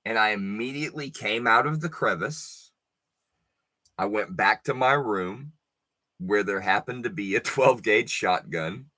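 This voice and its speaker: A man spinning a personal story in a slow, deliberate, emphatic way, full of swearing. His voice is bright and forward, and he lets pauses hang between phrases. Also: on the low side. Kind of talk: profane casual storytelling.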